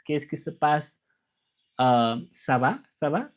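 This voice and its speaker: A man's voice: on the high side, expressive, slow pace. A man hosting a casual livestream, greeting viewers in a laid-back way and dropping in French phrases. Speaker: livestream host.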